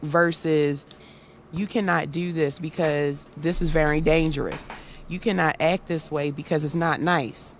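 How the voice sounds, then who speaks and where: A woman's voice: low-pitched, gravelly, a little hiss or hum. A woman guest in a casual interview, telling personal parenting stories earnestly and acting out the voices she quotes. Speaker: guest, content creator and autism awareness activist.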